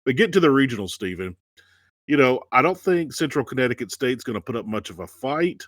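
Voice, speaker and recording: A man's voice: medium pitch, sing-song, fairly quick, a bit bright, dry recording. A man co-hosting a casual sports talk show, speaking in a laid-back, joking way. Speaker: co-host.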